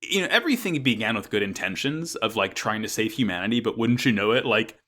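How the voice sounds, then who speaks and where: A man's voice: on the low side, animated, fast, a bit bright. A young man casually recapping an anime episode as podcast co-host, rambling with lots of ums and likes.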